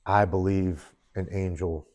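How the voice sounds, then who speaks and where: Guest, man, very low voice, earnest first-person storytelling in the present tense, sit-down interview. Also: fairly even intonation, slow, a little mellow. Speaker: podcast guest. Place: studio, in person with hosts.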